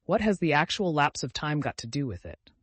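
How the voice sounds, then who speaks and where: A man's voice: fairly high pitch, sing-song, brisk, fairly bright tone, husky, no echo, heavily acted. A man reading the part of a young man who is cold, bored and self-absorbed, speaking in a languid, dismissive way.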